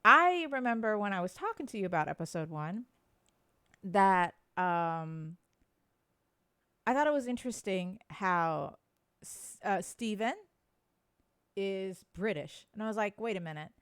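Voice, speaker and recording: A woman chats casually as a podcast co-host, gushing with enthusiasm. Her voice sits at a middling pitch. The recording is close and dry, with no room echo. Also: lively intonation, unhurried, long pauses, pushed and bright, clear, resonant tone. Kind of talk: casual chat.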